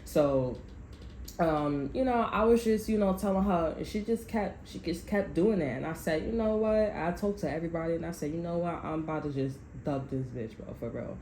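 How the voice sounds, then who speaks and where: A woman's voice: lowish voice, moderate pace, mellow. A woman telling a long personal story in a casual, rambling way, full of slang and swearing, often laughing. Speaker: tarot reader. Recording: echoey room with faint background noise.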